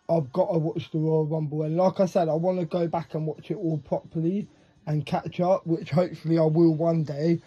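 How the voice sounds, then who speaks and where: A man giving casual, excitable reaction commentary to the screen, swearing freely. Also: fairly high pitch, normal speed, slightly rough, highs cut off. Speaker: reaction video creator.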